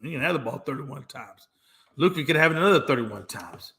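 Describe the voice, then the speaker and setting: A man's voice: a little high, expressive, a little fast, fairly bright tone. A man hosting his own sports talk show alone, ranting emphatically and mockingly, repeating lines for effect. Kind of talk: solo sports talk rant.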